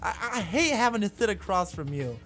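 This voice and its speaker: A man's voice: sits high, big pitch swings, a little fast, fairly bright tone, faint music behind, full character voice. A man playing a rude young man who mocks and insults everyone in a comedic rant. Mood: snide. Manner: snide, insulting, mocking.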